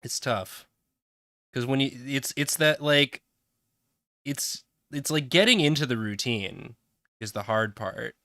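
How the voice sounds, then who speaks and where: Bright, crisp-voiced young man chatting. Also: medium pitch, takes it slowly, long pauses, no echo, clean studio sound. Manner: rambling, jokey, acts out voices in stories. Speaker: co-host. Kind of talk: casual chat on a stream.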